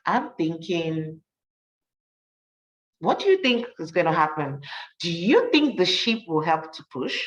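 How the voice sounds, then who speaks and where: A woman reading a picture book aloud to young children as a teacher, slowly and encouragingly, stopping to practise rhyming words. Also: on the low side, recorded from a distance, lo-fi sound. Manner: slow, sing-song and encouraging, praises often. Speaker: storyteller and teacher.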